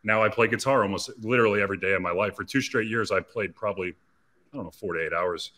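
As a guest in an interview, a thirtysomething man speaks quickly and tells a personal story with candor, earnest and confessional, frequently starting his sentences over. Though his voice sits low, it comes across bright and forceful.

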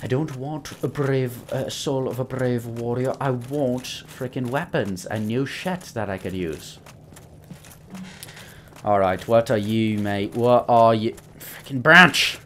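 Young man, casual gameplay commentary, rambling, jokey, swears at enemies, middle pitch, faint background hum. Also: slow, sharp tone. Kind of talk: casual let's-play commentary.

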